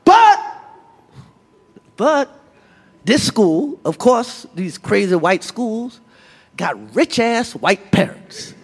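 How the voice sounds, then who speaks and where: A middle-aged man performing a profane, animated stand-up routine and acting out other people's voices. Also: high voice, slow, long pauses, breathy edge. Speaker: stand-up comedian. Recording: long reverb of a large venue, faint ambience.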